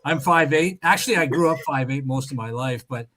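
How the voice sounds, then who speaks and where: A man's voice: mid-range voice, a little fast, a loud crowd. A man hosting a comedy podcast in casual chat, steering the talk from one segment to the next. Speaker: podcast host.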